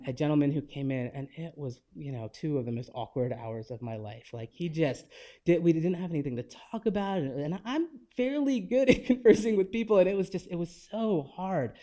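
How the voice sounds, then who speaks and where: A man in his forties giving a lecture, telling personal anecdotes in a relaxed, conversational way with gentle humor. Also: fairly high pitch. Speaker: guest lecturer.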